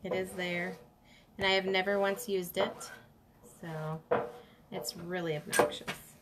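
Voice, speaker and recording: A woman's voice: on the low side, steady tone, unhurried, a crowd in the background. A woman hosting a casual craft demonstration, chatting and greeting viewers by name as she works. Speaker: craft livestream host.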